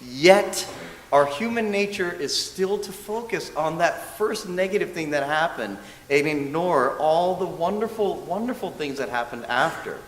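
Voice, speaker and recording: Guy doing a dharma talk at church, kinda high voice, chatty and self-mocking, big echoey hall w/ a bit of hiss. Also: unhurried. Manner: lively, self-mocking storyteller who often laughs and acts out quotes. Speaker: minister's assistant giving a dharma talk. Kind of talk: storytelling sermon.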